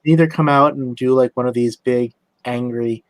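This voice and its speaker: A man hosting a casual conversation, talking in a measured, hesitant way. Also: medium pitch, steady tone. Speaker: host.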